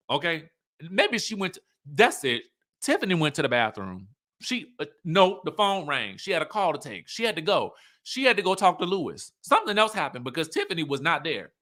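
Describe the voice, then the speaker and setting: A man talks through a reality show episode in a loose, animated way, throwing out rhetorical questions as he goes. His voice is bright and sits a little high for a man. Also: moderate pace. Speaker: reality TV recap host. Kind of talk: casual recap commentary.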